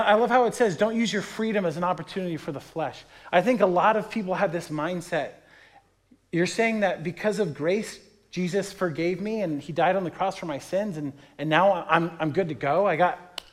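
A man in his thirties preaching a sermon with a fairly high, light voice. He talks in a chatty, conversational way and tells stories with quoted voices. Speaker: pastor.

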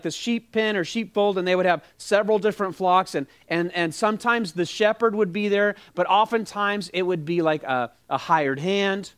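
A middle-aged man preaching a sermon as pastor, telling animated stories with quoted dialogue. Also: high-pitched, clean tone.

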